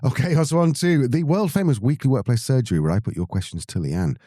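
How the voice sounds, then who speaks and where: A man's voice: medium pitch, expressive, quick pace, mellow, dry recording, clean studio sound. A man hosting a podcast, chatty and upbeat, reading listener questions to his co-host. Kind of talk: casual podcast chat.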